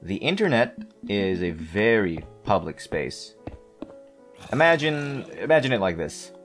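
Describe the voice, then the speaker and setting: A man with a fairly low voice chats casually while he plays, wandering off topic and poking fun at himself. He stumbles and restarts his sentences as he thinks aloud, with soft music playing underneath. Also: very animated, measured pace. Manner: meandering, self-deprecating, hesitant restarts. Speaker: gameplay commentator. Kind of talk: casual rambling let's-play commentary.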